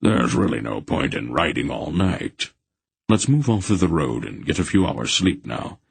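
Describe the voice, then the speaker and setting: A man's voice: rumbling low, sing-song, normal speed, creaky, husky, no echo, exaggerated voice. A man doing a terse old wizard. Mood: calm.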